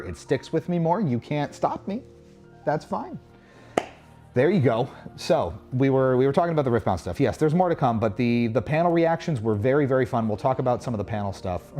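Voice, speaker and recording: A man of middle pitch talks loosely and chattily with frequent restarts as he hosts a livestream walkthrough. He narrates on a busy convention show floor with faint music behind him. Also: a little mellow. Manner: rambling, chatty, restarts and asides. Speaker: host.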